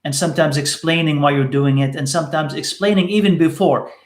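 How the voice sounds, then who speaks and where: A man's voice: on the high side, brisk, echoey room. A man teaching in a live question-and-answer session, repeating short phrases for emphasis.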